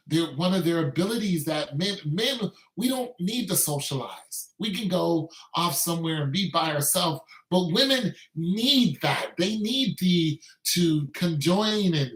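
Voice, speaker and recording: Male commentator, emphatic repetitive ranter, bright pushed voice, echoey recording. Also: on the high side. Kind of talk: opinionated monologue.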